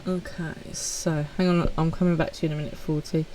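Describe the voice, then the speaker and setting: A woman's voice: low voice, level tone, a little fast, darkish tone, rough recording. A woman streaming live, chatting casually and with self-deprecating humor as she reads out messages from viewers. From United Kingdom.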